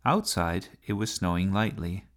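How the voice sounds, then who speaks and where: A man narrating a children's story with a gentle, unhurried reading style. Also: deep voice, animated.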